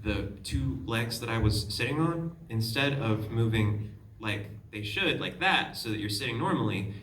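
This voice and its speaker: A man speaking on a convention panel as a voice actor, telling stories to an audience in an animated, self-deprecating way and laughing often. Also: medium pitch, normal speed. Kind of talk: casual storytelling to an audience. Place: large convention hall. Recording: echoey hall, far from the mic, audience noise.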